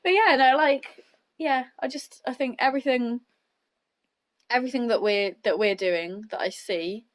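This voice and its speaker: A woman's voice: on the high side, moderate pace. Rambling, reflective woman podcaster. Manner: reflective, rambling, many "like"s and restarts. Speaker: podcast host. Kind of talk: casual chat.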